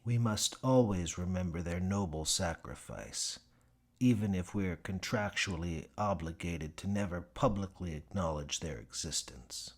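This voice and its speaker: A man reads a comic first-person audiobook at an unhurried pace. His voice sits low, and his delivery is dry and self-important. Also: animated. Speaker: audiobook narrator.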